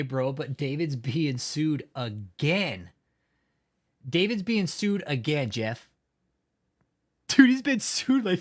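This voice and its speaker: A man with a fairly high-pitched voice hosts a livestream in a casual, chatty way. Reading viewer comments out loud, he mocks them profanely and keeps laughing.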